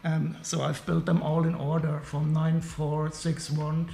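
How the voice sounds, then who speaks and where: A man from Germany with a clear German accent chats casually while building Lego on a live stream. His voice sits a little high with a gravelly edge, and he talks in halting, apologetic bursts full of restarts. Faint music plays behind him. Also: monotone, mellow.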